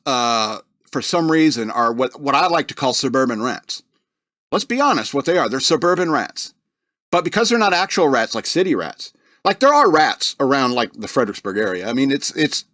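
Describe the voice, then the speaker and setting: A man's voice: a little high, fairly bright tone, no echo, clean studio sound. A man hosting a podcast, rambling through a casual comedic monologue, laughing often and slipping into mocking voices. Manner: puts on mocking voices for quotes. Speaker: podcast host.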